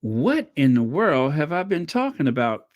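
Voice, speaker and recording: A woman from a Caribbean island hosting a casual livestream, chatty and excitable as she thanks her viewers. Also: sits low, moderate pace. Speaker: livestream host.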